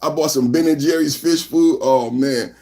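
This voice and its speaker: A man from San Francisco hosting a live political podcast, talking loudly and animatedly as he reads out the chat. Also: a little high, moderate pace. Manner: loud and animated, reading chat aloud. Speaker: podcast host. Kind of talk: live-stream political commentary.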